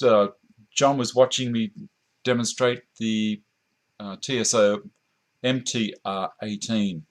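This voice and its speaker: On a camera mic a short way off in his home workshop, an Australian man runs a woodworking live stream. His voice sits on the low side as he chats easily, reads out comments from viewers and laughs a lot.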